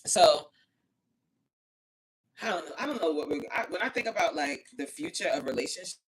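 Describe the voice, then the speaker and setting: A woman talks to her viewers over a phone livestream from home, her voice lower than most and swinging widely in pitch. She reads comments aloud and grumbles about the stream cutting out, in a loose, chatty way. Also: animated, normal speed, husky. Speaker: livestream host reading chat. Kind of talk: casual livestream chat.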